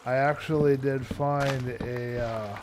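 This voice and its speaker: A man chatting casually while streaming a game, low-key and rambling, tired and yawning often. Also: steady tone, slow, noisy background. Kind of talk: casual live-stream chat while playing. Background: background music.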